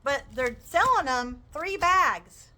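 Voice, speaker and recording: A woman's voice: sits high, lively intonation, slow pace, pushed and bright, poor audio. A woman chatting enthusiastically as she shows off her crochet purchases. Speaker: crochet vlogger. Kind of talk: casual show-and-tell chat.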